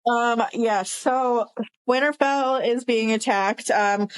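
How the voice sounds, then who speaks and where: A woman's voice: a little high, slow, smooth, no room sound, rough recording. A woman with a Southern American accent co-hosting a casual podcast, enthusiastic and stumbling over names as she talks. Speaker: podcast co-host. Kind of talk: casual chat.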